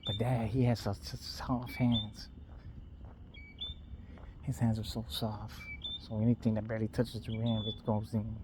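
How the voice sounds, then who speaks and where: A man's voice: lowish voice, flat delivery, background noise. A man rambling casually on a night walk outdoors, recorded on a phone held in his hand. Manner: loose, unhurried rambling with trailing restarts. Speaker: vlogger.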